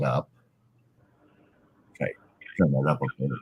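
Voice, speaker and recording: A man's voice: very deep voice, measured pace, pauses often, darkish tone, husky. A man chatting casually as a guest on a live stream, rambling with lots of filler phrases into a large microphone. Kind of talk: casual chat. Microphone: large studio microphone.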